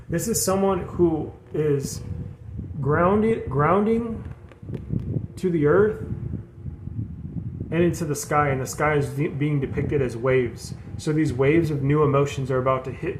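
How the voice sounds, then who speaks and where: Man, tarot reader, fairly high voice, rambling, earnest, echoey room, background hiss. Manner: rambling, earnest, repeats itself, addresses viewers as "you guys". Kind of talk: casual spiritual tarot reading.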